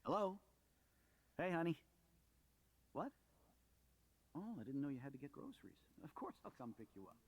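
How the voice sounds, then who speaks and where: An actor voicing a cheerful middle-aged dad in a video game, jovial and teasing. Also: male voice, a little high, big pitch swings, normal speed, pauses often, slightly rough, full character voice.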